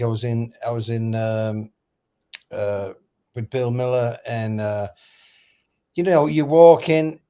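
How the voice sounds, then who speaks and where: A man in casual conversation who talks haltingly, with many fillers. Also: mid-range voice, warm tone, smooth. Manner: halting, full of "you know" fillers. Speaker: guest.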